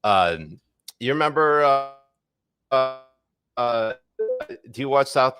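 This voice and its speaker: A man's voice: mid-range voice, expressive, slow pace, a bit bright, faint music behind. A man co-hosting a podcast in casual, rambling chat with many fillers and jokes. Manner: rambling, lots of fillers, jokey. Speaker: podcast co-host.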